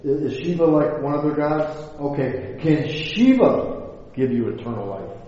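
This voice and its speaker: A man's voice: fairly high pitch, lively intonation, measured pace, warm tone. A man giving an informal, folksy Bible talk that rambles along and is full of rhetorical questions. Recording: echoey hall, dull lo-fi sound, faint hiss.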